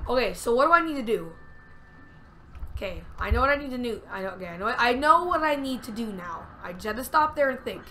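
A woman giving chatty let's-play commentary, narrating every move to herself and getting excitable. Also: fairly high pitch, quick pace, a little hiss or hum. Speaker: gamer.

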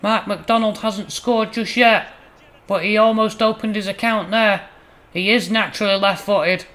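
A man hosting a gaming channel, commentating his own football game matches in a mock match-commentary style, flaring up loudly on near misses and goals. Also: sits high, a little slow. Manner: excitable, bursts loud on chances and goals. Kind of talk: playful mock match commentary over gameplay.

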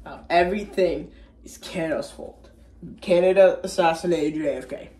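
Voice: medium pitch, normal speed, mellow, roomy sound. A vlogger giving a rambling, casual movie recap, often second-guessing the plot order and using slang. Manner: rambling, unsure of itself, slangy.

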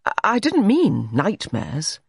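A man's voice: high-pitched, wildly swooping pitch, slow, creaky, breathy edge, no room sound, studio quality, pitched above the performer's own voice, full character voice. A man doing an eager, stammering young clerk. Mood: eager, confused. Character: young male clerk, shy and bewildered.

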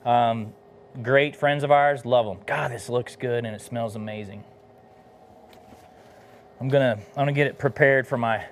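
A middle-aged man from Texas, a barbecue pitmaster chatting casually between bites while hosting a live cooking demo. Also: medium pitch. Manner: laid-back and enthusiastic, talking between bites.

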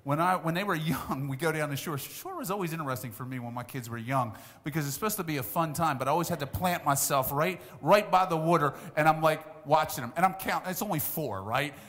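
Man in his 60s, pastor, high bright voice, long church hall reverb, chatty emphatic preaching. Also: fast, few pauses. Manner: conversational, emphatic preaching with asides and laughs. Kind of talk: sermon. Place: church sanctuary.

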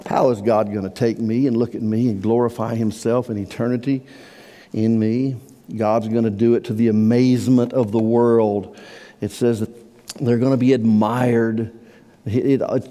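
A man preaching in a church with a voice of middling pitch that rings out in a long-echoing hall. He swings from hushed, slowed passages to near-shouted cries, pressing each point home. It is a live sermon delivered to a congregation. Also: fairly even intonation. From Iowa. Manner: impassioned preaching, swelling to near-shouts on quoted words. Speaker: pastor. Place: church sanctuary.

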